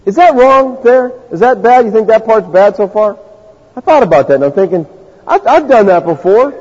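A pastor preaches a sermon to his congregation in a high, expressive, darkish voice with a breathy edge, at normal speed. He talks conversationally and acts out the people he quotes, in a lo-fi recording with long hall reverb.

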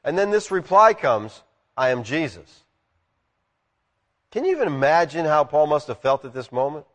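A man preaching a sermon, emphatic and asking loud rhetorical questions. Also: fairly high pitch, very animated, normal speed, big-room sound.

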